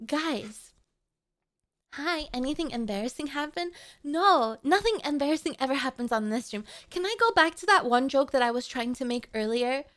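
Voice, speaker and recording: A woman's voice: high voice, expressive, normal speed, a bit bright. A woman streamer chatting casually with her live chat, playful and melodramatic, often pleading with viewers.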